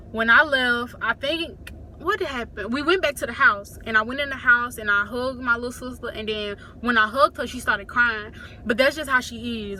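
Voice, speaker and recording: A woman's voice: a little high, sharp tone, slight background noise. A young woman telling a family story to camera in a casual storytime, addressing viewers directly and acting out what people said. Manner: talks straight to viewers, acts out quotes.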